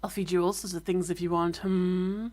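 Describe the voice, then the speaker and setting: An Australian woman voicing a creepy, sinister male bird doctor in a game, speaking in a slow, teasing, insinuating way, slightly raised and a little loud. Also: fairly low pitch, flat delivery, lightly acted.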